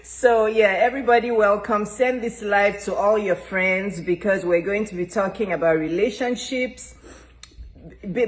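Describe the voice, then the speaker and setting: A woman hosts a live-streamed talk show from her home, talking around a cough drop in her mouth. She greets and welcomes everyone again and again in a chatty, repetitive way. Her voice sits at a middle pitch for a woman. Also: rough recording. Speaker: host.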